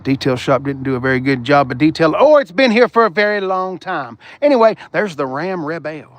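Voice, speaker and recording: A man vlogging about cars live-streams as he walks an outdoor dealership lot, casually swearing and reading viewer comments aloud. He talks fairly quickly in a very animated voice on the high side.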